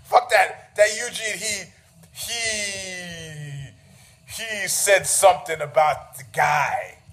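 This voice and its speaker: A man's voice: high voice, very slow, fairly bright tone. A middle-aged man telling a story in a casual rant, profane and sarcastic, needling people and laughing at his own jokes.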